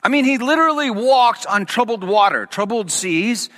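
A man preaching a sermon, swinging from loud emphatic peaks down to hushed, almost whispered lines. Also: high-pitched, expressive, moderate pace, long reverb tail.

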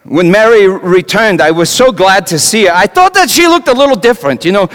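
An actor playing a young carpenter in a dramatic stage monologue, talking in a conversational way with wry asides and stammered repeats. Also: male voice, high voice, animated, brisk, a bit bright. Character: Joseph the carpenter, young man, wry and anguished. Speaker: actor in a one-man monologue. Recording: long hall reverb.

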